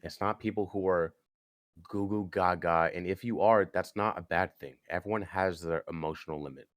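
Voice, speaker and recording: Young man, very low voice, earnest, halting storytelling, dry close sound. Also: no room sound. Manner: earnest, halting, with many restarts and "you know". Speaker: podcast guest. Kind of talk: personal storytelling on a podcast.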